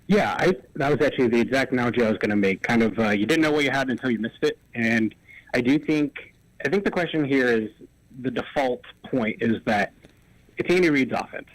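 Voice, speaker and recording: A man co-hosting sports radio, talking fast and analytical as he piles up examples. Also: mid-range voice, dry recording, poor audio. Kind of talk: casual sports talk. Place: radio studio.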